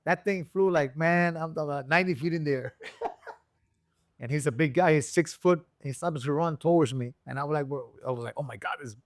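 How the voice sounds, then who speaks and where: A man from Rico, a guest and engine builder telling a story in a casual interview, acting out the people he quotes with sudden high voices. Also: fairly quick, dry recording, clean studio sound. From Puerto Rico. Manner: animated storyteller who acts out quoted people with jumps in pitch.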